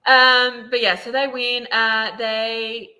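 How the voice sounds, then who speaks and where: A woman co-hosting a casual podcast chat, her voice very bright and sharp. She sits a touch high in pitch and talks in quick, chatty asides as she recaps scenes. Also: little pitch movement. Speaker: podcast co-host.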